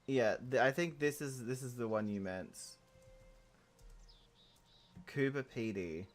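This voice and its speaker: A man's voice: mid-range voice, slow pace, soft background music. Chatty Australian man streaming a game. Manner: chatty, rambling, giggly, answers chat while playing. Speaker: gaming streamer. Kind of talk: casual live-stream chat.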